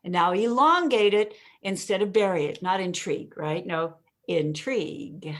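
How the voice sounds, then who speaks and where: Expressive woman coaching on delivery. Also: medium pitch. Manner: expressive, demonstrates delivery with pauses and emphasis; laughs often while talking. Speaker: communication coach, guest. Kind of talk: interview.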